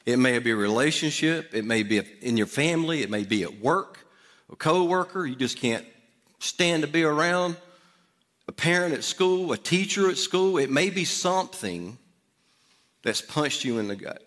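A man's voice: a little high, animated, moderate pace, a bit bright. A middle-aged man preaching in a church, telling a personal story conversationally with asides to the congregation. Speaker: pastor. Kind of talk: storytelling sermon. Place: church sanctuary. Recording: long hall reverb.

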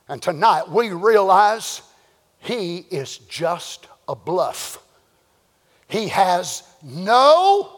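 A man preaching a sermon, swinging between folksy storytelling and shouted, drawn-out exhortation. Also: high-pitched, in a large hall. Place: church sanctuary.

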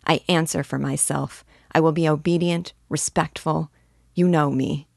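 A woman's voice: low voice, steady tone, normal speed, gravelly, no echo, clean studio sound. A woman reading an eager young dreamer. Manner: eager, pleading, gently emotional. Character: dreamy, impulsive young man, eager and earnest. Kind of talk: audiobook dialogue reading.

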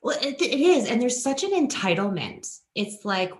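Animated woman storyteller, roomy sound. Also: normal speed, hardly any pauses. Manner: animated, acts out quoted people with big pitch jumps. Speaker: guest, influencer and author. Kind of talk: casual podcast storytelling. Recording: roomy echoing room.

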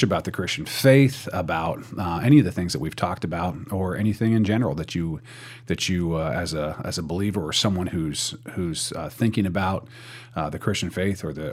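A man's voice: low-pitched, breathy edge. A man co-hosting a podcast, chatting casually and wryly with frequent restarts and fillers. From United States. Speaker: podcast co-host.

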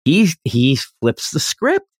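A man casually talking through a manga story, animated and slipping into voices for quoted lines. His pitch swings widely. The recording is close and dry, with no room sound. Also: slow pace, husky, no echo. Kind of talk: casual chat reviewing a manga.

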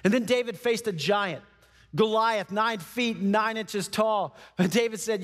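A pastor with a high voice delivers an animated, conversational sermon and acts out the story as he tells it. His words ring on in the long reverb of a large church hall. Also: a little slow. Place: church auditorium.

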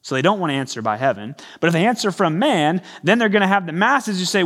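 This pastor's voice sits high, and he talks fast with few pauses. Preaching from a church stage into a handheld or stage microphone, he stays animated and acts out the voices he quotes.

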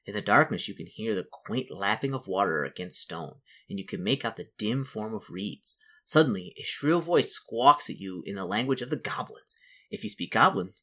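Narrating a solo fantasy gamebook aloud, a man with a low, slightly bright and slightly rough voice chats through his choices, correcting himself as he goes.

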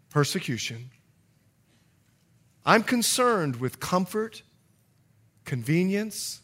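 A man from the Bahamas, a pastor with a Bahamian accent softened by years in the US, preaching an evening sermon and calling out to his congregation. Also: sits high. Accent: Bahamian, softened by long US residence. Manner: animated preaching with call-and-response to the congregation.

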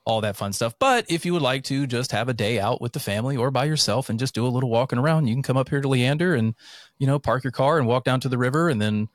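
A man in his thirties from central North Carolina, co-hosting a casual podcast chat, rambling and swearing with animated bursts. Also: mid-range voice, fast, no room sound. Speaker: podcast co-host.

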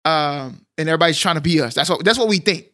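A man's voice: a little high, fast, bright, forceful tone. A man with a Texan accent, co-hosting a podcast in casual chat, joking and slangy. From Texas. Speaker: podcast co-host.

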